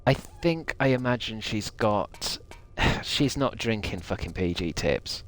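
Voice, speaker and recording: Sweary sarcastic streamer. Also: male voice, on the low side, expressive, takes it slowly, fairly bright tone. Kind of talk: gaming livestream commentary.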